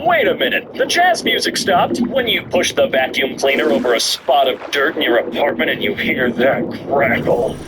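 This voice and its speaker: A man hosting a comedy video, reading memes aloud with sarcastic, playful commentary and quick silly voices. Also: medium pitch, sing-song. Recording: noisy background.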